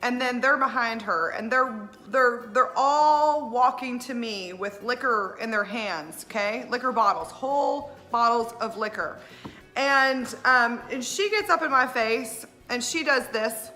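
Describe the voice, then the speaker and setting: A woman, a wedding planner telling stories in a casual, animated way, often laughing and acting out what others said. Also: on the high side, measured pace, soft background music. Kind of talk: casual storytelling.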